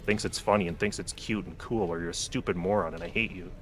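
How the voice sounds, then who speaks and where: A man's voice: low-pitched, fairly even intonation, quick pace, slight background noise. A man streaming a game late at night, chatting casually, joking, and talking to the characters on screen. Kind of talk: casual gameplay commentary.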